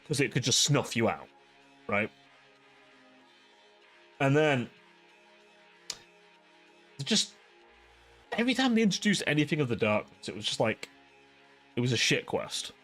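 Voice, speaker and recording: A man's voice: mid-range voice, very animated, a little slow, pauses often, fairly bright tone, soft background music. A man hosting a livestream, chatting casually with viewers in a rambling, profane way, filling his talk with "like". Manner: rambling, profane, ranting, heavy use of "like". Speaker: livestream host.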